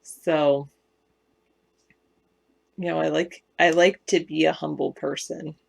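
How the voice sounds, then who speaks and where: Slow, gravelly Southern Californian woman. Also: deep voice, flat delivery. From West Virginia, US South. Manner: rambling, self-correcting, chatty. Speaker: live stream co-host. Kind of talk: casual live stream chat, answering viewer comments.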